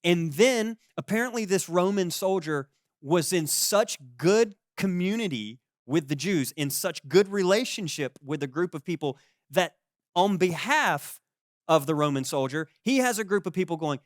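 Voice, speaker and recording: A man in his forties preaching a sermon as pastor, conversational and lively, acting out the people he quotes. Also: high-pitched, normal speed, no room sound, clean studio sound. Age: 40s. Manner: conversational, animated, acts out quoted voices.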